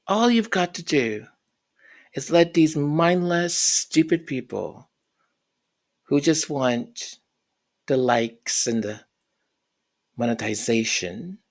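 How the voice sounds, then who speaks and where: A woman's voice: extremely low pitch, darkish tone. A woman giving an opinionated commentary rant, scornful and emphatic, repeating and tripping over her words. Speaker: royal commentary vlogger.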